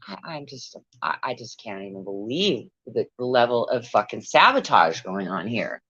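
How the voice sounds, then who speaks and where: A woman's voice: rumbling low, big pitch swings, moderate pace, fairly bright tone, breathy edge, no room sound. A woman on a casual livestream, profane and exasperated, muttering to herself as she goes. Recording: dull lo-fi sound.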